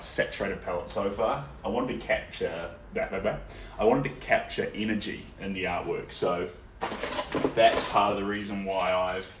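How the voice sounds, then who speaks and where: Chatty New Zealand man, lowish voice, echoey studio. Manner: relaxed and chatty, many ums, answers viewer comments. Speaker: artist livestreaming a painting session. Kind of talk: casual live-stream chat while painting. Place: indoor art studio. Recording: roomy echo, distant from the mic, faint background noise.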